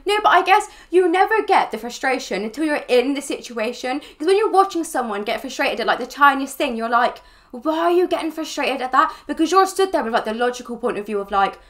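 A woman's voice: high-pitched, animated, brisk, a bit bright. A young woman in her twenties chatting casually as host of a reaction video, rambling with lots of fillers. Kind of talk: casual chat.

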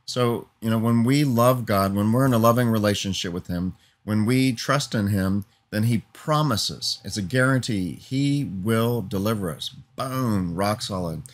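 Earnest male preacher, low voice. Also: measured pace, few pauses. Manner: earnest, repeats "Amen?" for assent; emphatic building lists. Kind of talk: teaching sermon.

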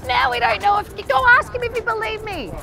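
A woman's voice: extremely high pitch, fairly quick, creaky, over loud music, over a noisy crowd. Giggly woman host. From Australia. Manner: giggly, playful. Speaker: radio host. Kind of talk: playful radio banter.

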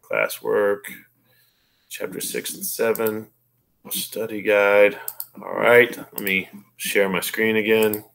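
A man with a slightly low voice leads a relaxed exam review over a video call. He walks through each step and keeps checking that the listener follows. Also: slow pace, creaky. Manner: conversational, explains step by step with frequent "right?" checks. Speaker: college biology instructor. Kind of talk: casual online exam review.

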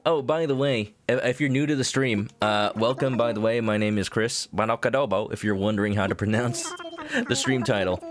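A man's voice: on the low side, fairly quick. A man streaming a video game, chatting casually and jokily with his chat. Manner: chatty, jokey, talks to chat.

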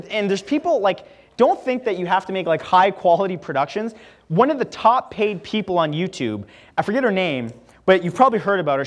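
A young man from Canada giving a casual, chatty campus talk and answering questions, with lots of fillers. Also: high-pitched. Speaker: guest speaker. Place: lecture room at a college campus.

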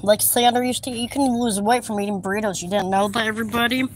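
A medium-pitched woman talks fast in a steady tone, vlogging her shopping trip in a busy store. Amid the noisy store background, she rambles casually and giggles to herself.

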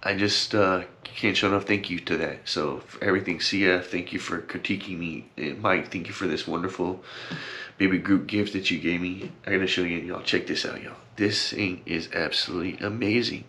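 In a heartfelt, casual vlog, a young man addresses his camera with a low voice and sharp tone at normal speed, slight noise behind him. He rambles earnestly, leaning on fillers, thanking viewers again and again, and gets teary now and then.

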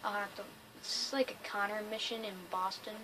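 A woman giving excitable, chatty, jokey let's play commentary over a game. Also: medium pitch, moderate pace, background noise. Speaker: gamer.

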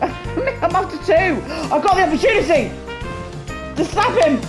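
A woman gaming with a friend, excitable, swearing and shrieking with laughter. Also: very high-pitched, normal speed, low-quality recording. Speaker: gamer streamer. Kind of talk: casual co-op gameplay chat. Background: game music.

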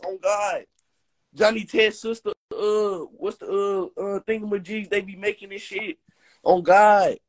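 Young male rapper, high-pitched voice, profane and heated, ranting to his live-stream viewers. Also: a bit bright. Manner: heated, profane, slangy trash talk.

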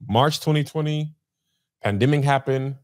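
This podcast host is a man with a medium-pitched voice who talks at a normal speed. In casual chat he tells a story with animation, acting out the quotes as he goes.

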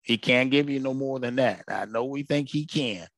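A man's voice: mid-range voice, moderate pace, fairly bright tone, no echo. A man preaching an informal sermon broadcast, colloquial and emphatic, repeating his phrases for weight.

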